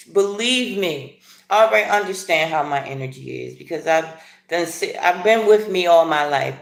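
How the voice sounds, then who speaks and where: A middle-aged woman with a fairly low voice chats casually on a livestream, rambling and playful, sometimes jumping up into animated asides. The sound is echoey, as if in a bare room. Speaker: livestream host. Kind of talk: casual live chat while eating breakfast.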